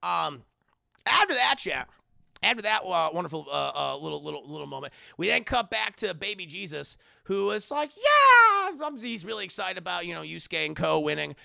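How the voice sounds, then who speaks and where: A man's voice: a little high, brisk, creaky, dry recording, clean studio sound. A man recapping an anime episode for his live chat, swearing freely and acting out the characters as he goes. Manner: profane, animated, acts out every character. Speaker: anime reviewer.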